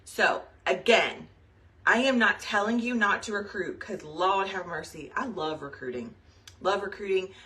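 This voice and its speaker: A young woman chats loosely to her team over a live video, drifting between thoughts and filling gaps with "um" and "y'all." She is pregnant and talks in a bright, forward voice. The mic sits a little away from her, so the sound is somewhat distant. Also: medium pitch, unhurried. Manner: chatty and rambling, says y'all, frequent fillers. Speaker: direct sales team leader.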